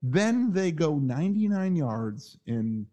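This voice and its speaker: A man hosting a casual podcast chat over a video call, telling an excitable story. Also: fairly high pitch, slow pace, dull audio. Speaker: podcast host.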